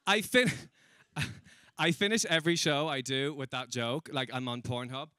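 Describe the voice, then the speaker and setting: Male stand-up, young, self-mocking crowd work, bright voice, dry close sound. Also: medium pitch, dry recording. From Ireland. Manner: chatty, self-mocking, quick asides to the crowd. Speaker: stand-up comedian. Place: comedy stage before a live audience.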